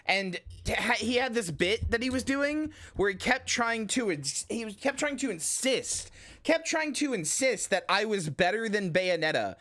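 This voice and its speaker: A woman streamer telling a story in casual stream chat, animated and rambling, and swearing casually. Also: medium pitch, moderate pace.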